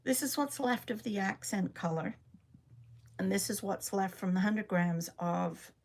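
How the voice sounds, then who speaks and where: A woman hosting a casual livestream from home, chatting in a rambling way with many ums while showing her knitting. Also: medium pitch. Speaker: livestream host. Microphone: phone.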